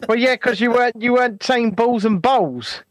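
Joking man with a high voice. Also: moderate pace, a little hiss or hum. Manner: joking, laid-back, chuckles often. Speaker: co-host of a live chat show. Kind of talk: casual banter, live stream.

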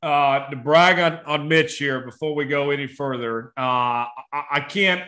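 A man hosting a podcast, asking questions in a casual, halting way with many fillers. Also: a little high, sharp tone. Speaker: podcast host.

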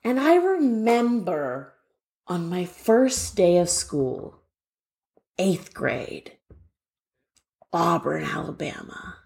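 A woman's voice: lowish voice, drawn-out words, vocal fry, long pauses. A young woman who grew up in Canada, telling a funny childhood story with playful voices. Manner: lively comic storytelling with mock voices. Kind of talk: told personal story.

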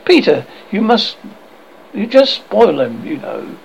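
A man's voice: sits high, sing-song, takes it slowly, vocal fry, slight background noise, pitched above the performer's own voice, heavily acted, low-quality recording. A man reading aloud and voicing a bossy, motherly young girl who scolds and fusses over the other children. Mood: fond. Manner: fussy, scolding.

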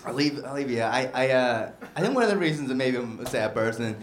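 A young man doing a stand-up set in a comedy bar, mostly flat and dry, with sudden loud mock shouts, on a handheld stage mic. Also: mid-range voice, fast, a little hiss or hum. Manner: dark deadpan humor with bursts of loud mock shouting. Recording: echoey bar room.

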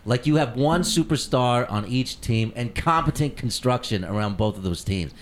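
A man hosting a casual podcast, ranting loudly with mock anger and lots of swearing. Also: medium pitch, lively intonation, moderate pace. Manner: profane, loud mock-angry rants. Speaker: podcast host.

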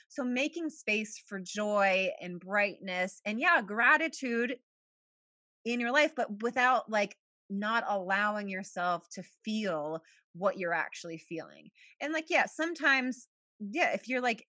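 Podcast guest: young woman, bright and forward voice, chatty with constant "like" fillers, dry close sound. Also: medium pitch, expressive, measured pace, no echo. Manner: chatty, many "like" fillers, laughs often. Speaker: podcast guest, journal creator. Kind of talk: casual podcast conversation.

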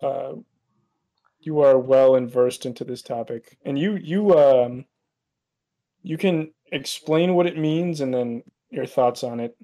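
A man's voice: mid-range voice, takes it slowly, mellow. A young man co-hosting a podcast, trading teasing banter in casual chat and laughing often. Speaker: podcast co-host.

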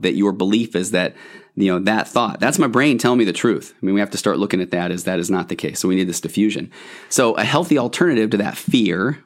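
A man working as a therapist, explaining a therapy model on a podcast in an enthusiastic, conversational teaching way with self-deprecating humor. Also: fairly low pitch.

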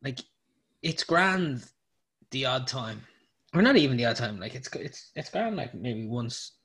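A man's voice: mid-range voice, expressive, a little slow, fairly bright tone. A young Irish man co-hosting a sports podcast, rambling casually with lots of "like" and swearing. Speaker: podcast co-host.

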